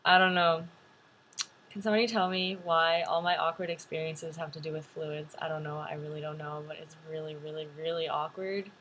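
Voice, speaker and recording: A woman's voice: low voice, a little fast, slight background noise. A young woman vlogger telling a story to camera in a chatty way, full of "like" fillers. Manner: chatty, animated, many "like" fillers.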